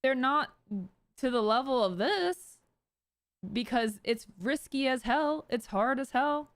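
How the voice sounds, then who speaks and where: A high-pitched woman streamer, recorded cleanly with no room sound, reads tweets aloud and picks them apart in casual livestream commentary. She talks to her chat in a quick, animated way.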